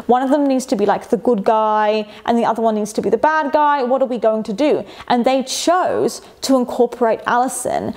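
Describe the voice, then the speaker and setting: A woman's voice: a little high, a little mellow. Chatty, opinionated woman vlogger. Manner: chatty and opinionated, with rhetorical questions. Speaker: YouTube commentator. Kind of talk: casual commentary vlog.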